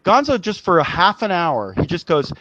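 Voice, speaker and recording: A man's voice: high voice, very animated, normal speed, a bit bright, no echo, muffled recording. A man hosting a live web show, talking in a rambling, agitated way and swearing often. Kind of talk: casual live-stream chat.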